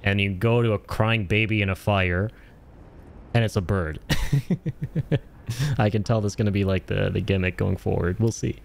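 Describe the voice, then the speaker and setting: A man's voice: lowish voice, steady tone, normal speed, vocal fry, slight background noise. A man streaming a video game, joking and swearing in casual commentary and slipping in Hindi phrases. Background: game music.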